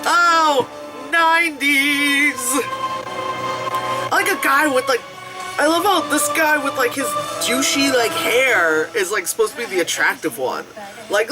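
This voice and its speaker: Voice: sits high, unhurried. A movie reviewer giving casual reaction commentary, laughing often, swearing freely and mimicking the characters. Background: film soundtrack music playing.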